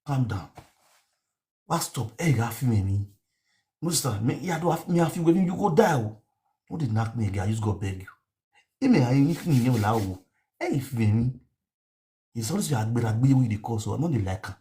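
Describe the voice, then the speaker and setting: An online show host with a Nigerian accent rambles through a story on a live stream, blending pidgin with a local language and repeating words in an animated way. His voice sits in the mid-range, moves a little fast, and leaves long pauses.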